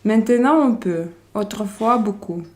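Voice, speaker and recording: A woman's voice: mid-range voice, lively intonation, darkish tone. A woman from Russia, hosting a casual live-stream chat and greeting viewers by name while switching between English, Spanish and French. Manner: unhurried, drawn-out phrasing.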